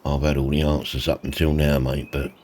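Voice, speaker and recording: A man's voice: rumbling low, little pitch movement, brisk, a little mellow, slight background noise. A man, chatting in a casual farming roleplay, laid-back and saying mate a lot. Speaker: roleplay host. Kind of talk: casual roleplay narration and chat.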